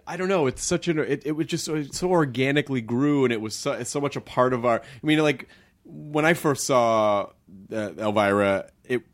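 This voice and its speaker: A man's voice: medium pitch, normal speed. A man hosting an interview podcast, enthusiastic and rambling, often restarting his sentences. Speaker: podcast host. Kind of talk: casual interview chat.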